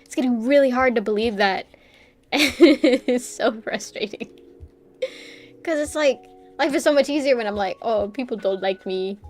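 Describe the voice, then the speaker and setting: A woman's voice: high-pitched, a little slow, faint music behind. A young adult woman streamer who chats casually while drawing, rambling and self-deprecating and laughing often.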